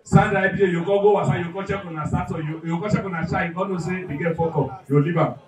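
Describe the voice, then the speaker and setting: A man with a Nigerian accent doing live stand-up comedy, animated and loud, acting out characters and shouting punchlines. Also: high voice, quick pace, reverberant, recorded from a distance, poor audio. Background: audience.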